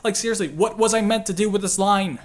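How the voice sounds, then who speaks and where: Over soft background music, a man with a high voice talks fast while hosting a casual video commentary. This channel host and voice actor is chatty and self-deprecating, often laughing and using fillers.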